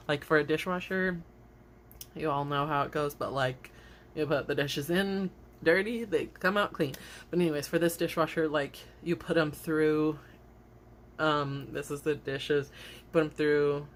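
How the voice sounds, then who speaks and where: A young woman with a low-pitched voice chats to her camera in a loose, rambling vlog. She giggles often and fills her stories with "like". A faint hum of room noise sits behind her. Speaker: vlogger. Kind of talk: casual storytelling vlog. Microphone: camera facing her, seen on video.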